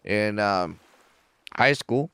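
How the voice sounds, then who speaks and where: A man in his forties tells stories with a very smooth, resonant voice, cracking profane, self-mocking jokes as a podcast guest. The sound is dry and close in a small studio. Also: lowish voice, lively intonation, very slow, fairly bright tone, no echo. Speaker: comedian guest. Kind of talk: casual podcast storytelling.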